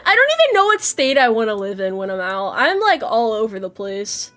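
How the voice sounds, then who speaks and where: Casting: playful woman streamer, high and animated voice, faint music behind, cheeky and laugh-prone. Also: moderate pace, long pauses. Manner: playful, laughs often, swears casually. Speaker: VTuber streamer. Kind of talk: casual chat with viewers.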